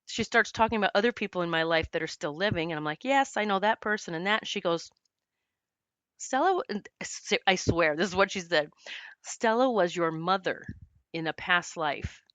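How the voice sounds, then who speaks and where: A middle-aged woman tells a personal story on her podcast, earnest and openly emotional. Her voice sits a little low yet sounds smooth and clear. It is recorded dry and close, with a slightly dull tone. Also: a bit bright, no room sound. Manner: earnest, emotional retelling with quoted dialogue. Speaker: podcast host, psychic medium.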